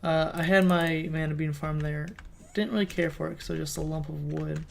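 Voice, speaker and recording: A man talks through his game in a loose, rambling let's play commentary, thinking out loud as he goes. His voice sits flat with little rise and fall, and a gravelly fry runs under it. Faint noise hums behind him at the desk mic. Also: a little high, brisk. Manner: rambling, thinking aloud as he plays. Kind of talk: casual gameplay commentary.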